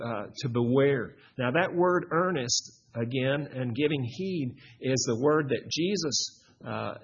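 A husky, mid-pitched man teaches scripture in an earnest, halting way, restarting phrases and leaning on repeated questions. His voice comes through a dull, lo-fi recording. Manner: earnest, many restarts and fillers. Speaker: pastor. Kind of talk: expository Bible teaching.

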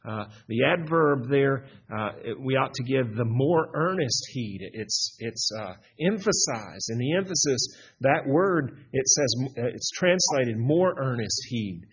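A man preaching an expository Bible teaching, earnest and halting, with frequent restarts. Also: medium pitch, animated, breathy edge. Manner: earnest, many restarts and fillers. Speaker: pastor. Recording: dull lo-fi recording.

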